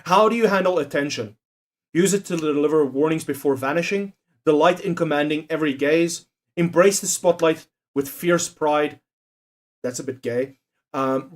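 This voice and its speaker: Joking, foul-mouthed streamer man. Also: on the high side. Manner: profane, joking, laughs often, talks to chat. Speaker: live streamer. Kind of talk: casual live-stream chat while doing a quiz.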